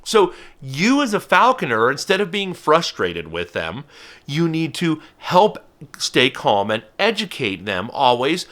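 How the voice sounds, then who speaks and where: Animated man talking falconry. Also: a little high, measured pace. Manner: animated, with frequent restarts and playful put-on voices. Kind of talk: educational talk to camera.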